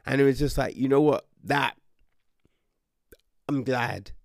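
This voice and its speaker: A man casually reviewing a book, animated, with frequent swearing, exclamations and restarts. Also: mid-range voice, measured pace, creaky, no echo, clean studio sound.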